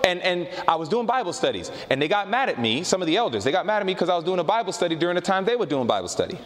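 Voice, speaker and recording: A man preaching a sermon, telling a story with lively, animated delivery and slowing down to make his points. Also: sits high. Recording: reverberant hall.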